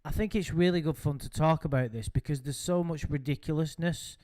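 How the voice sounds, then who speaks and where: A man hosts a relaxed podcast chat, voice sitting a little high for a man. He rambles along with lots of ums and restarts. The sound is close and dry, with no room around it. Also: brisk, dry recording. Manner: rambling, hesitant with many ums. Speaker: podcast host. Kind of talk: casual chat.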